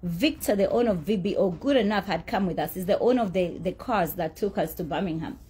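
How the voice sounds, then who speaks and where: Husky, blunt woman. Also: on the low side, fairly quick, a little mellow. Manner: blunt, profane, indignant. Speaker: socialite telling her side. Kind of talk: heated storytelling rant.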